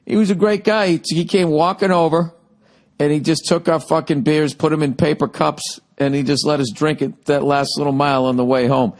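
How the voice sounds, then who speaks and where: A man's voice: on the high side, steady tone, a little fast. A man hosting a podcast, telling a story in a casual monologue, ranting and swearing freely. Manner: profane, ranting. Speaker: podcast host.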